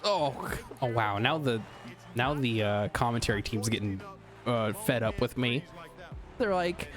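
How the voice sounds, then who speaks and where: A young man chatting casually while playing a basketball video game, talking in a relaxed, low-effort way and laughing often. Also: measured pace, faint music behind. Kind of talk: casual chat while gaming.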